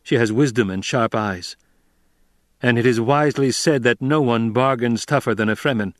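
A man's voice: mid-range voice, no echo, studio quality, lightly acted. A man doing a cold, commanding young ruler. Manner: firm, deliberate.

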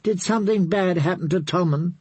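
A confused young girl asks her questions in a plaintive, guarded voice, played by a male narrator. The voice is pitched well above his own and a little husky. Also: a little fast, a little mellow, no echo.

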